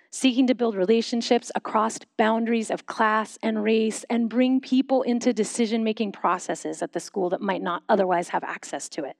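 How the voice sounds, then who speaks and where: A woman with a fairly high voice delivers a sermon, speaking in measured phrases and easing into quiet, reflective prompts for silent prayer. The sound is dry and close, with almost no room around it. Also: dry recording. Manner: measured, slowing into soft reflective pauses. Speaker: pastor.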